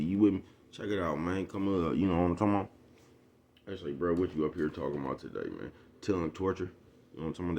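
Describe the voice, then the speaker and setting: A man's voice: low-pitched, a little mellow. A man ranting casually to his viewers in street slang, profane and preachy, forever asking if they know what he's talking about. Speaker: vlogger. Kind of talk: casual rant to the camera.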